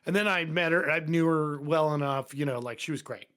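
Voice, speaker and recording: A man with a fairly high voice talks fairly quickly as a firefighter guest in a podcast studio. He tells long stories casually and bluntly, full of profanity, acting out the people in them with animation.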